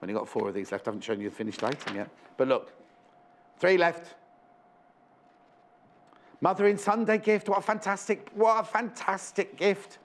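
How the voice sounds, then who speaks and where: A man's voice: sits high, normal speed, long pauses, a little hiss or hum. A man presenting on a live shopping channel, chatty and rambling, counting down stock and correcting himself as he goes. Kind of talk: live TV sales pitch. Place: TV studio.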